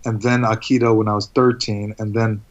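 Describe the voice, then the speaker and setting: A rambling, animated man on a dull line. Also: lowish voice, fairly quick. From United States. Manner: rambling, animated storytelling with laughs and restarts. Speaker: guest. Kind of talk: casual interview.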